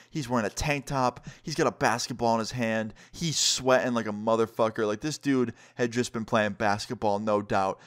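A man telling a story to his viewers in a casual, animated way, swearing freely. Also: mid-range voice. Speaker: vlogger.

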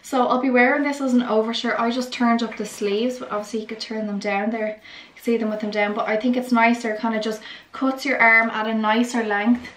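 A young woman talks eagerly to her viewers, gushing over each new piece. Her voice sits a little high, and the room around her is echoey. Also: little pitch movement, brisk, a bit bright, slight background noise. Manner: chatty and enthusiastic, lots of "really, really". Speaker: vlogger. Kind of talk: casual haul vlog chat.

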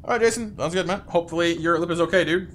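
A man's voice: a little high, very fast, a little hiss or hum. A young man doing playful live gameplay commentary, chatting with viewers by name and coaxing game characters along. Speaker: streamer.

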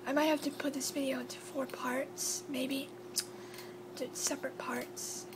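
Woman host, casual and apologetic, high voice, steady hum on the recording. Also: measured pace. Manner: chatty and apologetic, drops to a whisper at times. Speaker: video host. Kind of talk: casual chat. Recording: clear background hum.

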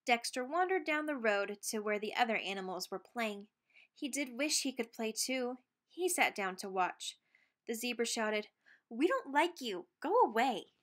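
A woman reading a children's picture book aloud, expressive and playful with sound words. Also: a little high, normal speed. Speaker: read-aloud narrator.

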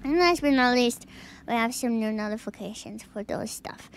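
High-pitched giggly woman streamer. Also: moderate pace, slight background noise. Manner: giggly and excitable, rambling with many fillers. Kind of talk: casual chat to stream viewers.

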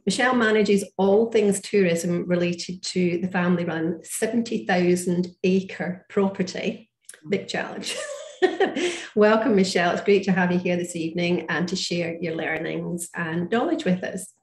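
A woman's voice: fairly low pitch, a little slow. Scottish woman co-host, friendly introductions, echoey room sound. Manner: friendly and welcoming. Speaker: community ambassador, co-host. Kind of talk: webinar introductions.

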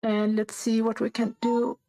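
A woman talking casually over life-sim gameplay, halting and chatty with many fillers and restarts, often out of breath. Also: a little high, monotone, mellow, poor audio. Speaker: gameplay narrator.

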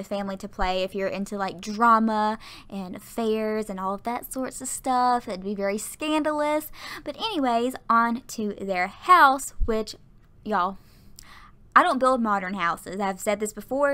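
Woman, casual game voiceover, chatty, rambling, trips over words, medium pitch. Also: a bit bright, clean tone. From American South. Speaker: Sims YouTuber. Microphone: home voiceover mic.

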